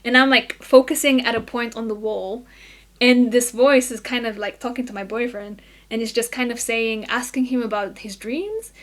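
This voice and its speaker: A woman guest on a podcast, telling a story in animated casual chat, often laughing and filling with "like". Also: a little high, normal speed.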